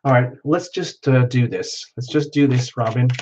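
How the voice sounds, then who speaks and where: A man's voice: mid-range voice, normal speed, darkish tone, a little hiss or hum. Guy doing a live tarot stream, chatty, greets folks by name, whoops a bit, dull lo-fi audio. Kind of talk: casual live-stream chat with viewers.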